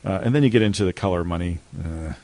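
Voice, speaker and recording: A man's voice: sits low, quick pace, mellow. A man co-hosting a casual podcast, chatting loosely about films with frequent laughs. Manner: rambling, laughs often. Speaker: podcast co-host. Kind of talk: casual chat.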